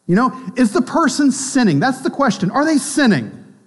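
High-voiced conversational preacher man. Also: sing-song, normal speed, breathy edge. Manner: conversational preaching with frequent tag questions; acts out quoted voices of both sides. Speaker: pastor. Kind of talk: sermon.

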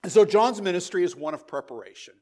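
High-voiced man preaching a sermon. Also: animated, fast talker. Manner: emphatic preaching, repeats phrases, drops to near-quiet asides. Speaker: pastor.

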